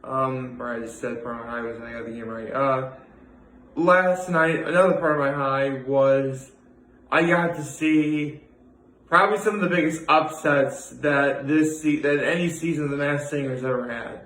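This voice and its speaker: A man's voice: mid-range voice, steady tone, normal speed, fairly bright tone, echoey room, low-quality recording. A young man rambling through a casual daily vlog, full of fillers and restarts. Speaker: vlogger.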